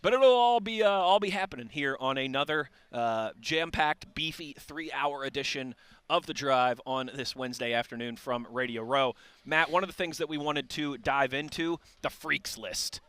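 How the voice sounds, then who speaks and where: A man co-hosting a live sports radio show, energetic and keeping the banter moving. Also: medium pitch, normal speed, clean tone, no room sound. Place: busy convention hall radio row.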